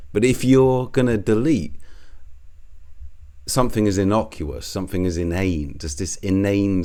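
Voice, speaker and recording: A man with a low, mellow voice delivers a sarcastic commentary monologue. His pitch swings widely as he needles his targets. The tone is accusatory and he swears now and then.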